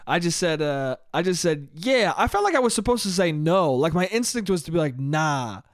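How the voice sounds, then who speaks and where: Young man, solo podcast host, casual rambling monologue, profane, laughs often, somewhat high voice, dry close sound. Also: sing-song, fairly quick, no room sound.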